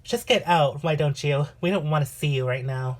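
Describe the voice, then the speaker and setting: A woman's voice: low-pitched, moderate pace. A woman voicing a spoiled, jealous young bride-to-be in an amateur voice drama. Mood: snippy. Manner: whiny, snippy.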